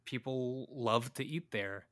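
A man's voice: mid-range voice, slow pace, a bit bright. Joking young man telling a story. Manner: loose, joking storyteller, full of fillers and laughs. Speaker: podcast co-host. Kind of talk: casual storytelling chat.

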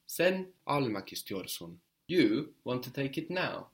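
A man's voice: medium pitch, big pitch swings, a little slow. A man teaching a one-to-one Turkish lesson, explaining patiently and repeating words for his student.

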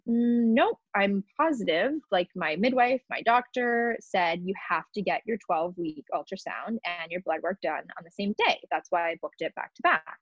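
A woman in her thirties, guesting on a podcast, tells a personal story emotionally and haltingly, with many fillers and restarts. Her mid-range voice has a breathy edge, captured in lo-fi sound with no echo.

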